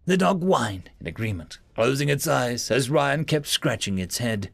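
Gravelly, lively male story narrator. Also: mid-range voice, normal speed, hardly any pauses, dry recording. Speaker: story narrator, channel host. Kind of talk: reading Reddit sci-fi story aloud.

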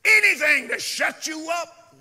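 A violent male serial killer on the run, snarling threats and breaking into shouts, as a preacher acts him out. The voice sits high and bright, and it rings through a long hall reverb. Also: very animated, a little slow, husky, full character voice. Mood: shouting.

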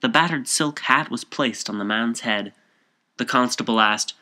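A man reading a short story aloud as narrator in a measured, composed way. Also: medium pitch, pushed and bright.

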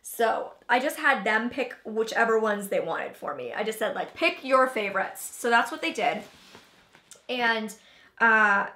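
A young woman with a bright, ringing voice sits a little high in pitch as she chats through a food taste test. She talks loosely, full of "like" and restarts, sometimes with her mouth full. The room around her is echoey. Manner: chatty, filler-heavy, talks while chewing. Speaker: vlogger host. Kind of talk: casual taste-test chat.

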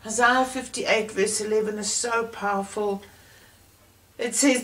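A woman's voice: mid-range voice, steady tone, a little slow, fairly bright tone. A woman preaching a sermon in a church, with earnest, encouraging appeals to her listeners. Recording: roomy church sound from far off.

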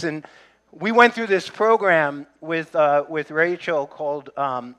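A middle-aged male pastor delivers a sermon in a friendly, conversational way, breaking off for jokes and asides to the people in front of him. His voice sits a little high and has a bright, sharp edge. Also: takes it slowly. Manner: conversational preaching with humor and asides to the congregation.

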